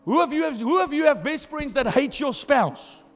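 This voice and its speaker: A man's voice: extremely high pitch, animated, normal speed, in a large hall, faint music behind. A man preaching a sermon as pastor, emphatic and repeating key phrases for stress. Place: church hall.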